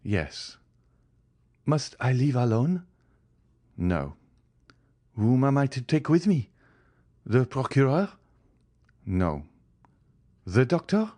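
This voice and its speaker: A man's voice: medium pitch, sing-song, slow pace, long pauses, warm tone, no room sound, clean studio sound, voice pushed up. A man voicing a grieving, vengeful young man. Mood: urgent. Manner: pleading, swearing vengeance.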